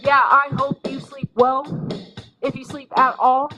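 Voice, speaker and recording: A woman's voice: high voice, flat delivery, measured pace, poor audio. A woman live streamer in casual chat, reading her viewers' comments aloud and answering them. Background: music playing.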